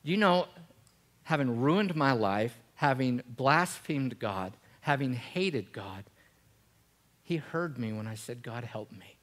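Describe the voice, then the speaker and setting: A male pastor preaching a sermon in church, swinging from loud, emphatic passages to a hushed, prayerful voice. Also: medium pitch, expressive, slow.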